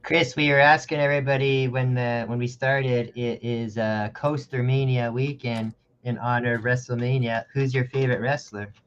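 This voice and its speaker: A man's voice: mid-range voice, fairly even intonation, normal speed, few pauses, a bit bright, clean tone. A man hosting a casual live-stream chat over a video call, easygoing and joking with his guests. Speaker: host. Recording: dull lo-fi with faint hiss.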